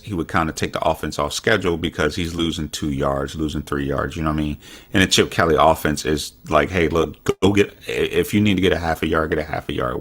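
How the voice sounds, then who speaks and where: Casual podcast co-host, man, extremely low voice, loose rambling delivery. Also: fairly bright tone. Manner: rambling, many fillers and restarts. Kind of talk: casual sports chat.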